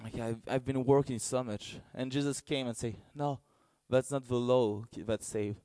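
Male preacher, earnest and halting, dry close sound. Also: mid-range voice, no echo. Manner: halting, searching for words, earnest; gets excited and loud in bursts. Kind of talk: sermon.

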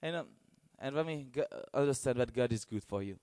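Male preacher, earnest and halting, dry close sound. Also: medium pitch, dry recording. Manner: halting, searching for words, earnest; gets excited and loud in bursts. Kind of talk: sermon.

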